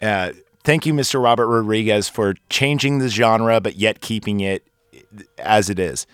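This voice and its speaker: A man's voice: on the low side, normal speed, smooth, no room sound. A man hosting a casual podcast, recapping a film in a rambling way with crude jokes and lots of fillers. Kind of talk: casual chat.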